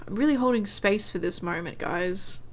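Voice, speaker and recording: A woman streamer giving chatty, expressive commentary while playing a game, often giggling. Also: medium pitch, normal speed, a little hiss or hum. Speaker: gaming streamer. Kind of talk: casual let's-play commentary.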